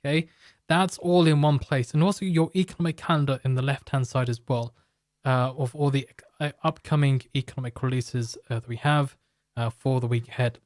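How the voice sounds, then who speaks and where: A man's voice: mid-range voice, fairly quick, darkish tone, dry recording, clean studio sound. A man hosting a live market stream, explaining in a loose, rambling way and joking with chat viewers. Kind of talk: live market commentary and product pitch.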